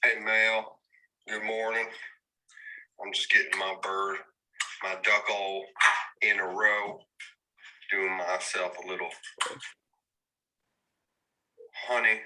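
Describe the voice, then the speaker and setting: A man's voice: lowish voice, flat delivery, takes it slowly, long pauses, bright, forceful tone, exaggerated voice, low-quality recording. A man putting on a Southern accent to play a folksy backyard pitmaster in a home cooking video, drawling through chatty how-to talk. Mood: easygoing. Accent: put-on American Southern.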